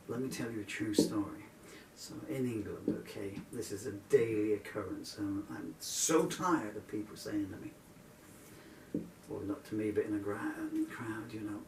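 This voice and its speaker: A man's voice: lowish voice, moderate pace, gravelly, a little mellow, roomy sound, distant mic, slight background noise. A man in his sixties talking in a rambling, digressive way between songs, growing indignant as he goes. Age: 60s. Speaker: singer-songwriter.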